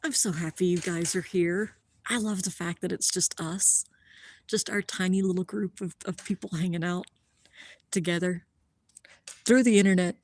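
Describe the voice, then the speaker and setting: Woman host for a live night-sky stream, lowish voice, close and dry, gushing and sometimes whispering. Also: steady tone, moderate pace, dry recording. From Columbus, Ohio area. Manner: awestruck, gushing, often drops to a hushed whisper. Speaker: livestream host showing a telescope view. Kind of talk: live-streamed stargazing commentary.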